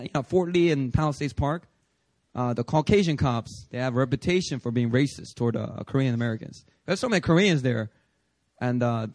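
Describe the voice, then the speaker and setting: A male pastor preaching a sermon, telling a personal story in an animated way and acting out his own prayers. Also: mid-range voice, no room sound.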